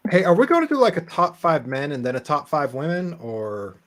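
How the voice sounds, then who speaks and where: A man's voice: a little high, wildly swooping pitch, a little fast, a bit bright. Teasing guy in a loose group chat, voice jumps up and down a lot. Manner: playful, teasing. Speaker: podcast co-host.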